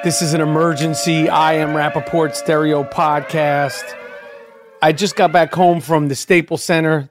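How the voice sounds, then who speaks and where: A man's voice: fairly high pitch, little pitch movement, a little slow, no echo, clean studio sound. Worked-up, swearing male podcast host. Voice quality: profane, rambling, worked up. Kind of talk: casual ranting monologue.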